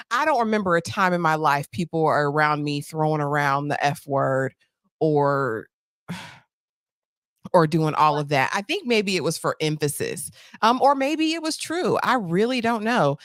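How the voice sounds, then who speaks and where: Woman co-host, lower register, thoughtful measured delivery, dry close sound. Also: no room sound. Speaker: co-host reviewing a TV series. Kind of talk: casual review chat.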